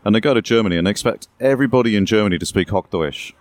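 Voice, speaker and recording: A very deep-voiced man with an English accent, talking as a guest in an interview. He explains things at length in a relaxed, conversational way, with asides and the odd bit of playful exaggeration. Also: racing. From England. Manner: explanatory, storytelling with asides and hyperbole.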